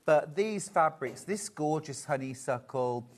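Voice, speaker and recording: British woman, low voice, quilting expert on TV, chatty, animated. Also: measured pace. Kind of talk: live TV sales chat.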